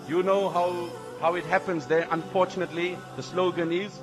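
A man preaching a sermon in an animated way, repeating phrases for emphasis. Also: on the high side, fairly quick, few pauses. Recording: long hall reverb, faint music.

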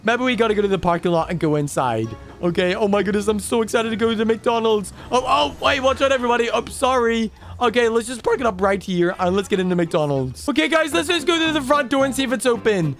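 Brief: a man playing a mischievous baby boy, squeaky-high voice, gushing and exclaiming, for game role-play. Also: lively intonation, quick pace, hardly any pauses, fairly bright tone, soft background music, heavily acted. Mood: excited. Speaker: gaming role-player. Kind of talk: role-play commentary over gameplay.

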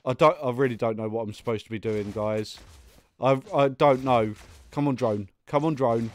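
A man's voice: mid-range voice, steady tone, normal speed, dry recording. A young man commentating his own gameplay, muttering and getting exasperated, with sudden outbursts and laughs. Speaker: gaming YouTuber. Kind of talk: let's play commentary.

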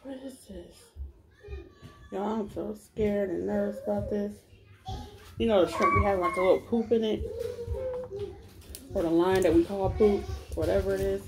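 A woman with a medium-pitched, gravelly voice talks at normal speed with long pauses while vlogging a mukbang at home. Chatty, she calls her viewers "y'all," smacking and humming as she eats. The noisy home recording carries a crowd, a crying baby and household noise in the background.

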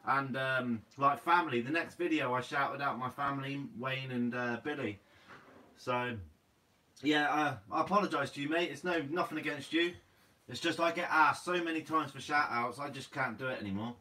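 Laid-back young Guernsey man, bright voice. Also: mid-range voice, moderate pace, far from the mic, rough recording. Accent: Guernsey English. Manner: laid-back, says "mate" a lot. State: sleepy. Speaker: fishing channel host. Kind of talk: casual live Q&A reading comments.

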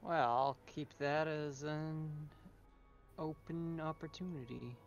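A man's voice: on the high side, slow. Male tabletop player, easygoing chat, dull recording with faint music.

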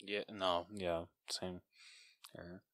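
Low-voiced young co-host, easygoing and agreeable, dry close sound. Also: male voice, flat delivery, very slow, a bit bright, no room sound. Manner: agreeable, short affirming replies. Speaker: podcast co-host. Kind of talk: casual film review chat.

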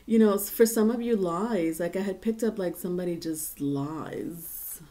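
A woman's voice: lowish voice, normal speed, warm tone. A woman giving a casual tarot reading to viewers, rambling and chatty with many fillers and restarts. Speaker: tarot reader.

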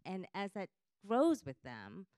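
A woman from New Jersey with a Jersey accent, speaking on a journalist panel in an animated, emphatic, personal way. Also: mid-range voice, slow pace, no room sound. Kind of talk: panel discussion.

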